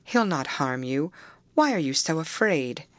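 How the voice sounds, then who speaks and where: A woman reading the part of a gentle young woman speaking softly and coaxingly in an audiobook. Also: low-pitched, sing-song, a little slow, dry recording. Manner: soft, coaxing.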